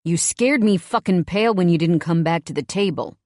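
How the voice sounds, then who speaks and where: A woman narrator takes on a gruff young man in a storybook romance, growling short, blunt warnings. The voice sits low and dry, close to the mic. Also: normal speed, no echo, close to an everyday voice. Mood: angry, stern. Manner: growling, curt.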